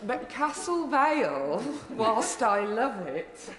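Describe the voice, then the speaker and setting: A Birmingham-born woman MP gives a warm tribute speech, mixing fond jokes with laughter between phrases. Her fairly high voice swings widely in pitch at a slow pace, with crowd noise and the long reverb of an echoey chamber.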